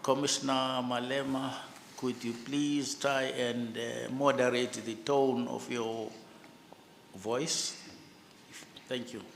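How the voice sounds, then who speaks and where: Male chair, gravelly tone, courteous and procedural. Big hall reverb, faint noise. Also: medium pitch, takes it slowly. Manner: polite, procedural, calmly firm. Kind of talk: formal chairing of a hearing. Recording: long reverb in a large hall.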